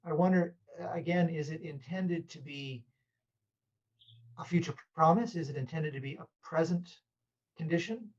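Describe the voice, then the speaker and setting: Measured man posing questions, dull audio. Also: fairly high pitch, darkish tone. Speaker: moderator.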